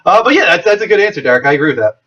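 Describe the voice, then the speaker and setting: A man's voice: high voice, big pitch swings, rapid-fire, a bit bright, dull audio. A man hosting a casual gaming podcast, jokey and laughing often. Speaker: show host.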